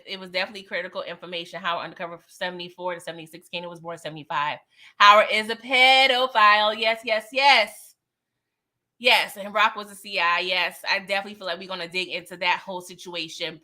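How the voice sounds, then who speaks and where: A fairly low-pitched, sharp-toned woman runs a live recap of a TV episode at a fairly quick clip. Chatty and slangy, she hits her points hard, laughs often, and keeps checking in with "okay?".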